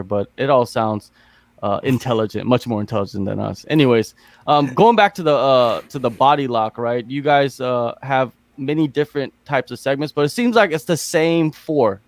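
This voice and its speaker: With a mid-range voice and no echo, this American podcast host keeps things casual. He asks meandering, filler-heavy questions in a relaxed way.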